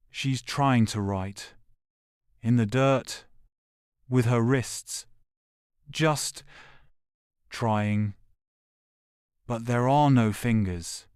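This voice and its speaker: A man narrating a second-person audio drama in a grave, measured way, with short, clipped phrases. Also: medium pitch, darkish tone, clear, resonant tone, no room sound, studio quality.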